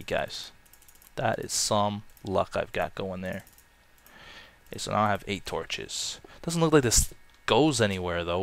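A man casually commenting on his own gameplay, chatty and self-mocking, with loud excited outbursts. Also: on the low side. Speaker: let's play gamer.

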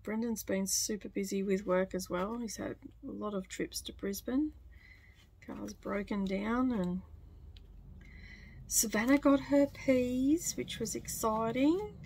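A woman's voice: on the high side, slow, a little mellow, husky. An Australian woman in her forties chatting casually in her home sewing studio, rambling with lots of fillers. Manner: chatty and rambling, many fillers, with little laughs. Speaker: sewing vlogger. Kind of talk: casual chat.

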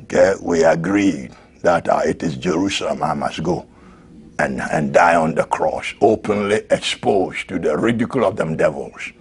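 A man preaching a sermon, swinging from shouted peaks to low murmurs and laughing often. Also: normal speed, slightly rough.

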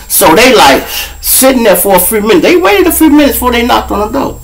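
Animated Chicago man telling street stories. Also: high-pitched, a little fast, poor audio. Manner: animated storyteller, acts out voices, profane. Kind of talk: casual storytelling.

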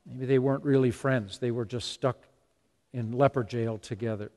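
A man's voice: mid-range voice, fairly even intonation, normal speed, a little mellow. A man preaching a sermon as pastor, emphatic and repetitive. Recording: long reverb of a large hall.

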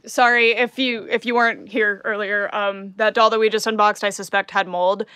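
A woman's voice: mid-range voice, steady tone, moderate pace, pushed and bright, clean tone, dry recording. Chatty, giggly young woman, dry sound. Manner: chatty, giggly, rambling with fillers. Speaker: doll collector livestreaming an unboxing. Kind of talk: casual live-stream chat. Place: home room.

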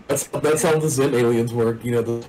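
A man's voice: mid-range voice, steady tone, normal speed, warm tone, a little hiss or hum, low-quality recording. A man narrating a tabletop role-playing game as game master, in a casual, rambling way with many fillers.

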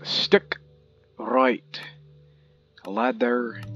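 A man's voice: fairly low pitch, expressive, slow, pauses often, lo-fi sound, soft background music. A man casually commenting on his own gameplay, rambling and playful with goofy wordplay, recorded on a home mic. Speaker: gaming video creator. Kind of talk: casual let's-play commentary.

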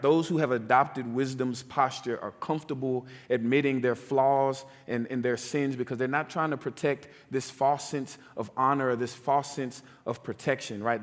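Guy giving a chatty sermon, lots of "right?", long church hall echo. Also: medium pitch. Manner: conversational, with frequent "right?" and "like". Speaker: pastor. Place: church sanctuary.

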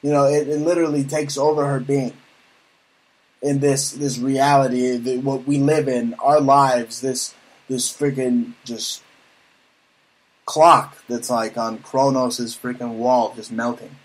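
A man hosting a live talk show, ranting loudly and profanely in long, rambling tirades. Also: medium pitch, level tone, unhurried, low-quality recording. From United States. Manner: loud, profane, rambling rants.

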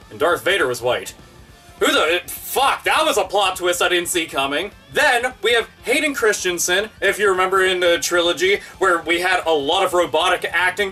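A man's voice: high voice, sharp tone, far from the mic. A man ranting in online commentary, profane, sarcastic and exasperated.

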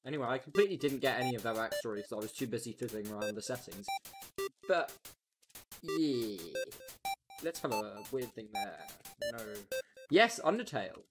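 A game streamer giving chatty, excitable, self-mocking commentary on a first playthrough. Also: medium pitch, moderate pace. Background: game music.

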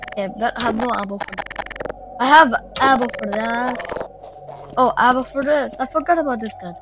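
A woman commentating her gameplay live, excitable, swearing and shouting at enemies. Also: on the high side. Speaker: gameplay streamer. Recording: loud game noise behind voice.

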